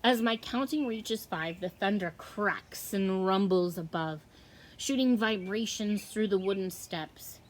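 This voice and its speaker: A woman teacher reading a novel aloud with slow, expressive storytelling. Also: medium pitch.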